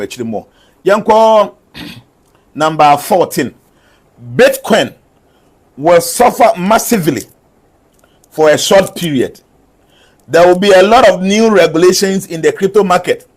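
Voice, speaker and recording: A man delivering numbered prophetic forecasts, repeating each one and switching between English and a local language. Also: a little high. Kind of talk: numbered predictions mixed with local-language asides.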